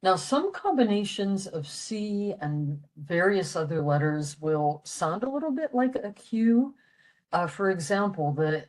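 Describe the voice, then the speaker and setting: A woman's voice: deep voice, lively intonation, takes it slowly, poor audio. An older woman from western Pennsylvania giving a patient, explanatory library talk, with frequent fillers. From western Pennsylvania, USA. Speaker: library program presenter. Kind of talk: informal language lecture.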